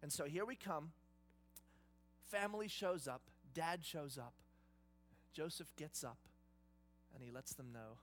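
High-voiced animated male preacher. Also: a little slow, long pauses, faint music behind. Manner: animated storytelling, conversational, dramatic. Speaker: pastor. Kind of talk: sermon.

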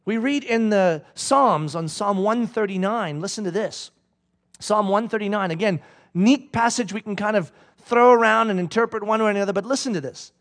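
A male pastor preaching a sermon in a church, animated and swinging from loud to hushed. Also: high-pitched.

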